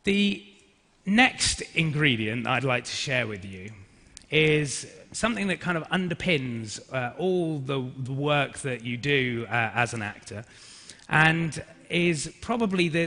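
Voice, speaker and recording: Bright high man in a hall. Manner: energetic, directs the audience, many fillers. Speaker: workshop speaker, actor. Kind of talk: interactive business workshop talk. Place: large conference hall. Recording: reverberant hall.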